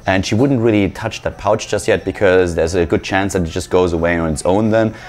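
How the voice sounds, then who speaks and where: A man's voice: deep voice, fairly quick, a little mellow. A man tells a casual story. He rambles, uses lots of fillers, and pokes fun at himself as he goes. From Germany. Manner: rambling, filler-heavy, self-mocking. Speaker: vlogger.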